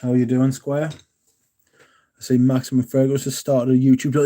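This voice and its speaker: Mellow English guy rambling on a livestream. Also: medium pitch, level tone, normal speed. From England. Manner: rambling, self-correcting, jokey and profane. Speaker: livestream host. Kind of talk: casual livestream chat, reading out chat comments.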